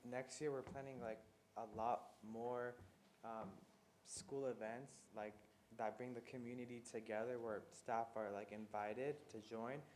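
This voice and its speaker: A man student leader on a school board meeting panel. He talks haltingly with many ums. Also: medium pitch, fairly even intonation, a little mellow, a little hiss or hum. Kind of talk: meeting discussion.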